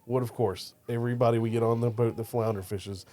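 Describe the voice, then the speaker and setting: A man's voice: mid-range voice, fast. A charter fishing captain, a man, chatting casually on a panel, loose and full of fillers. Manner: relaxed, loose filler-heavy talk.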